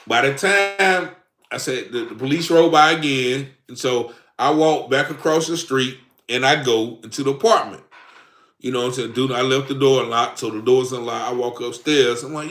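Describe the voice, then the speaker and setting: A man's voice: mid-range voice, moderate pace, fairly bright tone. Rambling man telling a story, roomy echo. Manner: rambling, acts out quoted dialogue. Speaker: author telling his story. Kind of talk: casual storytelling.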